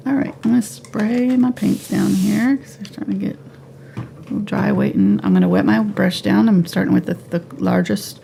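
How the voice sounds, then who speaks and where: A woman giving a live painting tutorial at home, relaxed and thinking aloud as she paints. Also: medium pitch, normal speed, vocal fry, hardly any pauses, a little hiss or hum. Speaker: painting instructor.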